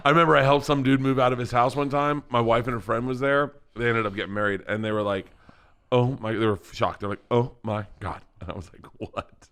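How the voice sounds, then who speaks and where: A man's voice: mid-range voice, fast, few pauses, a bit bright, clear, resonant tone. A man co-hosting a casual podcast, joking and swearing, often laughing through his lines. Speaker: podcast co-host.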